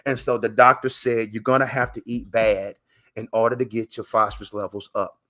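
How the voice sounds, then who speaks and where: A man's voice: fairly low pitch, flat delivery, a bit bright. Emphatic man with repeated stammering starts. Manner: halting, with many repeated words and fillers; emphatic and preacher-like, calling the listener "man". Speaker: guest, transplant recipient and coach. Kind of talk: emotional conversational interview. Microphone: live video call broadcast.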